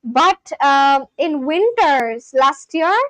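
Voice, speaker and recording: A woman's voice: high voice, animated, very slow, a bit bright, no echo. A woman from India, streaming casually, answering chat and repeating practice phrases as she thinks aloud. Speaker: livestreamer learning a language.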